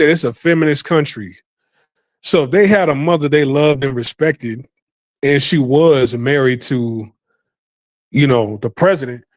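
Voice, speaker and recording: A man's voice: mid-range voice, dry recording. A man hosting a podcast, giving rambling, profane casual commentary and repeating himself often. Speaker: podcast host.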